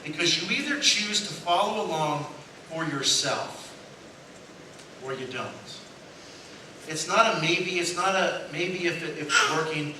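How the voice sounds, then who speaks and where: A male pastor with a voice on the higher side for a man, telling a sermon story and putting on voices for its characters. He is recorded from far off in a very echoey church. A clear hiss of noise sits under the whole recording. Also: unhurried, long pauses, bright, forceful tone. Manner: storytelling, acts out voices in quotes, laughs at own jokes. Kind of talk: sermon with humorous stories. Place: church sanctuary.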